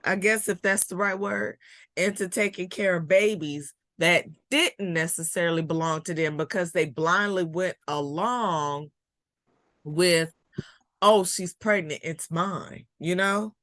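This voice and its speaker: A middle-aged woman hosts a casual talk show podcast, chatting conversationally and playing devil's advocate against her guest's points. Her lowish voice is a bit bright and measured in pace, in a dry recording.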